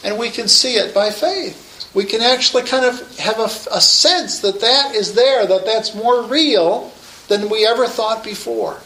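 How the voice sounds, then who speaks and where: A man's voice: sits high, measured pace, bright, forceful tone, roomy sound, low-quality recording. A man preaching a sermon, emphatic and raising his voice to proclaim his points.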